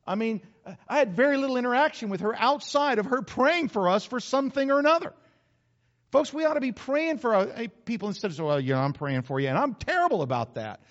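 Folksy preacher, high voice. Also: male voice, sing-song, brisk, fairly bright tone, lo-fi sound. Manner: folksy, conversational preaching with acted asides. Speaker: pastor. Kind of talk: sermon.

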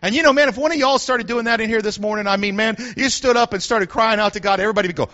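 A male pastor preaching a sermon in an animated way, building to shouts with joking asides. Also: sits high, very fast, hardly any pauses. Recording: dull lo-fi sound.

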